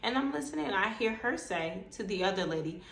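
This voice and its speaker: Female vlogger, gravelly voice, mid-pitched, recounts her own story and acts out the dialogue. Roomy echo. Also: fast. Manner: animated, acts out quoted dialogue. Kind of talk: personal storytelling. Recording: echoey room with faint background noise.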